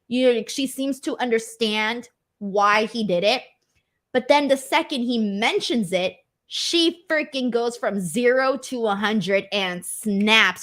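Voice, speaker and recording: A young adult woman hosting a casual live-stream wrestling recap, animated and emphatic, with casual swearing. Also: fairly high pitch. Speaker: wrestling show host.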